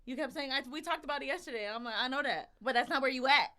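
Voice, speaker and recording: A woman's voice: sits high, quick pace, few pauses. A young woman co-hosting a podcast, telling a story in casual chat, acting out quotes with lots of swearing. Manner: animated storytelling, acts out quotes, swears a lot. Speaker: podcast co-host.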